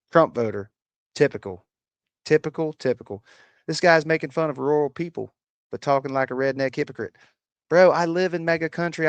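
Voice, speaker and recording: Speaking in a slightly high, clean voice with no echo, this U.S. livestream host chats loosely from his rural home, swearing and ridiculing commenters as he rambles on.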